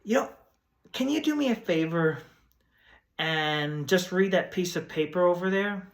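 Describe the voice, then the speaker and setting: A man's voice: high voice, expressive, a little slow, voice pushed up. Man doing a spaced-out hippie TV host. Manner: drawling slang, mellow and dazed. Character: laid-back male 1970s hippie TV host. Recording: roomy echo.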